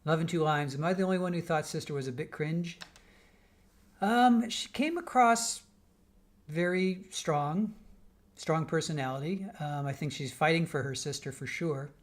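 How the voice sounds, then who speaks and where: A man's voice: on the high side, moderate pace. Chatty older man hosting a livestream. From American Midwest. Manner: chatty and rambling, with restarts. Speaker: livestream host reading viewer comments. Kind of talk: casual chat while waiting for a trial.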